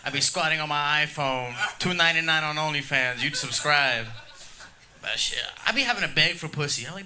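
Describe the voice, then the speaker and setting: A brash male comedian working a club crowd with crude jokes, needling the audience as he goes. His voice sits slightly high for a man, and clear room noise from the club carries behind him. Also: a little fast. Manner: brash, crowd-baiting, tags jokes with "dog" and "you know what I mean". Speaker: stand-up comedian. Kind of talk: crude stand-up set.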